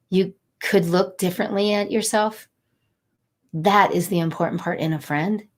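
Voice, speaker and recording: A middle-aged woman talking warmly and a little rambling as she encourages viewers during a live motivational stream. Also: medium pitch, fairly even intonation, normal speed. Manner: warm, encouraging, rambling and conversational. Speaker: angel card reader and inspirational host.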